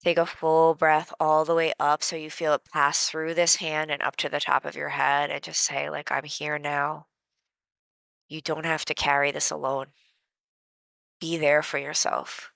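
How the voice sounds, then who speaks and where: Low, bright-voiced woman teaching gently. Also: level tone, moderate pace, gravelly, dry recording, low-quality recording. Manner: gentle, conversational, with many fillers. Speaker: self-help teacher. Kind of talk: guided emotional self-help lesson.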